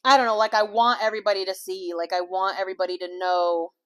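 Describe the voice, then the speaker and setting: A woman talks casually into a small clip-on mic while she preps food in a home kitchen. Her speech rambles and wanders, packed with fillers and a loose, frank habit of swearing. Her pitch sits at an ordinary middle range for a woman. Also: little pitch movement, fast. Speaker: vlogger and life coach. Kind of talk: candid casual chat while cooking.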